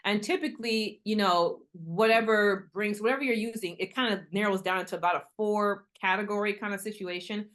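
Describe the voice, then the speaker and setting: A middle-aged woman talks through her story in a relaxed interview, her pitch sitting in an ordinary middle range. She gets animated as she goes and slips into the voices of the people she quotes. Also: a little fast, few pauses. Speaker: guest. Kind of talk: casual interview conversation.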